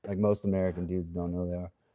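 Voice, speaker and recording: A man's voice: sits low, flat delivery, fairly quick, dark tone, a little hiss or hum. A man hosting a livestream in casual chat, joking around and laughing often as he rambles. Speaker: livestream host.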